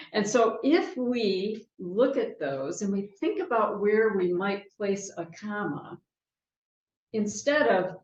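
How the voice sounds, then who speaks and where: A woman minister giving a sermon in a chatty, lively way, laughing often and checking in with her listeners. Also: medium pitch. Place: church sanctuary. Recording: dull, roomy sanctuary sound.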